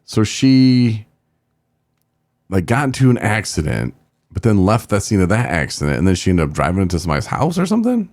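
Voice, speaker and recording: A man's voice: lowish voice, very animated, fairly quick, darkish tone, dry recording, studio quality. A man co-hosting a podcast in casual, rambling chat, joking and trailing off as he goes through a list. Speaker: podcast co-host.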